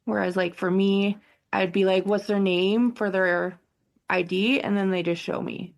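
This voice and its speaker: Woman with a gravelly, creaky voice. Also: medium pitch, fairly even intonation, unhurried. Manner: practical, explaining, with fillers. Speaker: podcast co-host, childcare provider. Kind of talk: casual chat.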